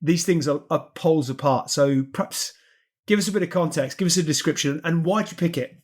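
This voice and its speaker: A man's voice: a little high, fairly quick. A man hosting an interview, asking long, searching questions full of restarts and asides. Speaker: podcast host. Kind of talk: interviewing a guest.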